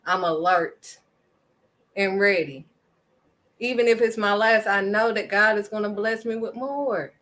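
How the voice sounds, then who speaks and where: Emphatic, bright-voiced woman preaching faith. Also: mid-range voice, measured pace. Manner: emphatic, preachy, punctuates points with "period". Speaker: faith vlogger. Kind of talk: impassioned faith talk.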